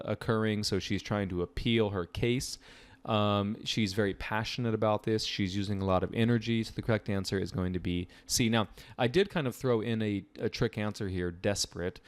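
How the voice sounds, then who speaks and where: In a laid-back lesson, a test-prep tutor explains vocabulary questions in a fairly low male voice, chatting freely with plenty of fillers and side remarks. The audio sounds close and dry, without any echo from the room.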